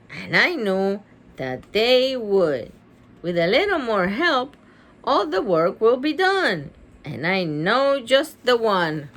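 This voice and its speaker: A woman reading a picture book aloud with animated, chatty asides, gasping and laughing as she goes. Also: mid-range voice, takes it slowly. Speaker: reader.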